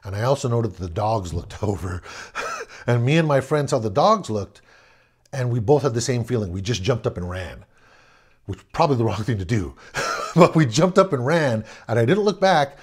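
A middle-aged man from Southern California tells an old neighborhood story off the cuff. His pitch swings up and down with the telling, and he doubles back on words and chuckles between phrases. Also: animated, moderate pace, husky. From Southern California, USA. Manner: rambling, self-correcting, chuckles as he goes. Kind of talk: casual spoken anecdote.

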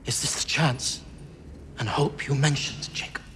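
A man's voice: medium pitch, steady tone, measured pace, fairly bright tone, slight background noise, natural voice. An actor playing a miserly old man facing a ghost on a theatre stage, heard from far off. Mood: wary. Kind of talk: stage play performance.

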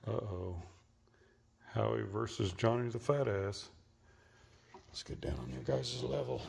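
A man talking to his pets outdoors in a coaxing, playful way, calling them in high sing-song baby talk and teasing them with mild swearing. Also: a little slow, creaky, a little mellow, a little hiss or hum. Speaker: pet owner filming animals. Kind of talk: casual talk to animals.

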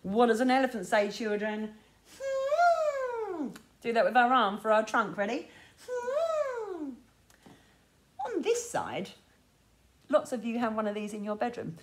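Lively woman teaching small children. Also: a little high, brisk. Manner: lively, sing-song, talks directly to children. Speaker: children's music class teacher. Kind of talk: sing-along lesson for young children.

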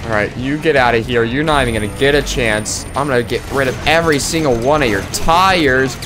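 A man giving excitable live gameplay commentary, yelping and laughing at the action as game music plays. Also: medium pitch, a little fast.

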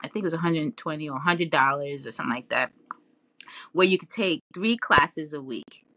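A woman guest in a casual interview, telling her story in an animated way with lots of laughs and fillers. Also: deep voice, brisk, no echo. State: tearful, near crying.

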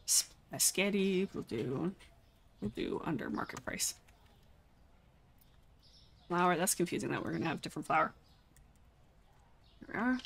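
Young woman, game streamer, chatty, exclamatory, slightly low voice, casual commentary. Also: expressive, measured pace, creaky, long pauses, slightly rough. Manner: chatty, exclaims often, talks to chat.

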